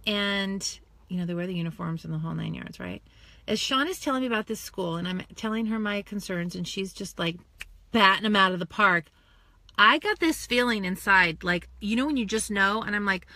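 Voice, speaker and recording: A woman in her forties talks straight into her phone from a parked car, gushing and close to tears as she chats with her live viewers. Her voice is bright and forceful, and the sound is dry and close with no room echo. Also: medium pitch, brisk. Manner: tearful, gushing and animated. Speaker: direct sales team leader. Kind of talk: emotional live video chat. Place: in a car in a parking lot.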